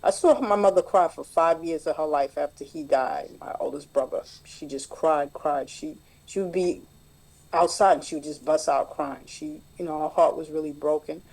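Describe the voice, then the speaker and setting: A woman's voice: low voice, moderate pace, darkish tone, rough recording. A middle-aged woman telling a personal family story at a recovery group meeting, reflective and plain, with many fillers. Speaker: meeting member sharing.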